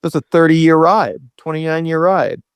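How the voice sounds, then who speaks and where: A man's voice: a little high, steady tone, moderate pace, clear, resonant tone, no room sound. A male podcast host asking brief, prompting questions in a casual interview.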